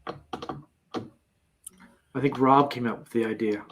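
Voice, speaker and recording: A man's voice: mid-range voice, fairly even intonation, measured pace, noisy background. A Canadian man hosting a casual live-stream chat from his campervan, reading out viewer comments and laughing often. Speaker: livestream host.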